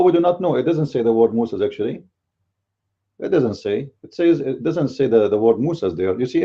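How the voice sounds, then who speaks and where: A native Arabic speaker, this man offers blunt, combative commentary as a Christian apologist in a casual video, and he says himself that he speaks bluntly. His voice is on the high side and warm, though the audio is dull.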